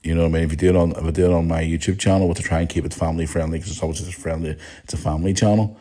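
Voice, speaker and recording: A man's voice: sits low, steady tone, rapid-fire, warm tone. An Irish man hosting a podcast in a casual chat, reading out listener messages and answering them bluntly, with frequent swearing and chuckles. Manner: blunt and outspoken, swears freely, chuckles often. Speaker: podcast host.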